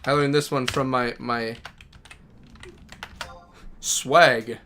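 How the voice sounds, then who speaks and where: A man's voice: mid-range voice, steady tone, drawn-out words, sharp tone, slight background noise. A man streaming a game live, chatting casually and talking affectionately to his dogs. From Minnesota.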